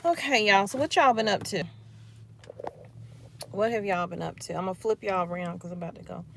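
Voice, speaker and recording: Holding up her phone, a vlogger talks to her live-stream audience from her car and later inside a store, speaking loosely and sounding worn out and frustrated. Her voice is medium-pitched, brisk and fairly bright, and the phone recording picks up obvious background noise.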